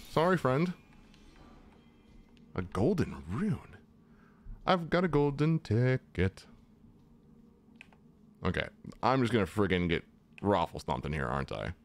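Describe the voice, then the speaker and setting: A man's voice: mid-range voice, big pitch swings, slow, long pauses. A young man casually commentating his own gameplay, chatty and jokey, talking to the enemies on screen. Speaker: gaming channel host. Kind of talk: casual let's-play commentary.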